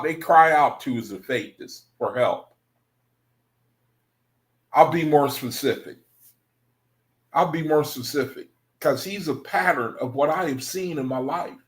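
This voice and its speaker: A man's voice: fairly high pitch, a little slow, long pauses, fairly bright tone. A man hosting an online study group, talking casually and rambling, repeating himself and calling his viewers brethren. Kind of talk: casual livestream talk to viewers.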